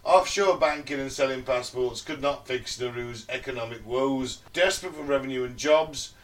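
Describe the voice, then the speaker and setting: A podcast co-host on a casual chat show reads research notes aloud, breaking off for jokey, sweary asides. His middling voice moves at a moderate pace and sounds a little distant from the mic.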